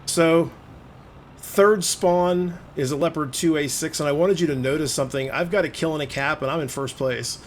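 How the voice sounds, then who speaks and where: A man's voice: fairly high pitch, normal speed, a little hiss or hum. A man narrating his own gameplay in a conversational voice-over, explaining each move and openly admitting when he gets frustrated. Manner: conversational, explaining play as it unfolds. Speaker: gaming video host.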